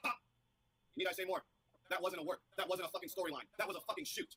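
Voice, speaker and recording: A man's voice: sits high, bright, forceful tone, slightly rough, dry recording, poor audio. A man defending himself in a heated interview, ranting angrily and swearing constantly. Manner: angry, profane, rapid-fire ranting.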